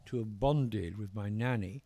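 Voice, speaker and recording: An older man with a posh English accent, speaking as an author in an interview, measured and hesitant, often restarting his sentences. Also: on the low side, mellow, no room sound. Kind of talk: reflective interview conversation.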